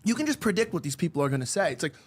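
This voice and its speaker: A woman's voice: fairly low pitch, sing-song, very fast, breathy edge. A woman hosts a political talk show and vents with open anger. She hammers her points with repeated words and rising emphasis. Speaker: political commentary host. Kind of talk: heated political chat.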